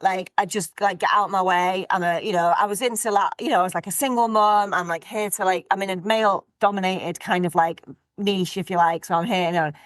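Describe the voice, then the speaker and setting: A middle-aged woman, a podcast guest telling stories in a blunt, direct, lively way. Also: medium pitch, a little fast, no echo. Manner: blunt, direct, animated storytelling. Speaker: podcast guest, business coach. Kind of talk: casual interview chat.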